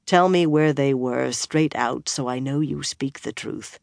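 Brief: reader playing a worn-out young swordsman, low and hushed, flat delivery, dry close read. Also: measured pace, vocal fry, no room sound. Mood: quiet, flat. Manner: quiet, flat and emotionless. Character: tired, tense young swordsman, soft-spoken.

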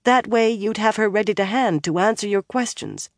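A woman's voice: deep voice, moderate pace, darkish tone, dry recording, studio quality, lightly acted. A narrator voicing an anxious young woman who pleads urgently with a friend. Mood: pleading.

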